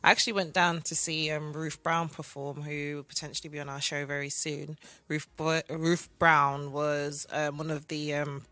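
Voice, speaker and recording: Woman, twenties, podcast co-host, low-pitched, chatty, giggly, dry close sound. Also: little pitch movement, normal speed, few pauses, sharp tone, no echo. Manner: chatty, giggly, rambling with fillers. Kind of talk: casual chat.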